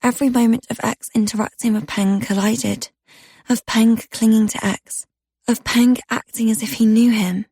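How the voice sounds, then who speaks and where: A woman narrating a dark romance audiobook in the first person, telling it with intimate tension. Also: on the high side, fairly even intonation, moderate pace, breathy edge, dry recording, clean studio sound.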